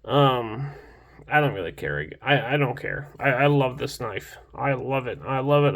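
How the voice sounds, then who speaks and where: Gravelly, excitable young man reviewing knives. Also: medium pitch, measured pace. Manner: enthusiastic, rambling, many restarts and fillers. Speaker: knife reviewer. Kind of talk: casual unboxing vlog.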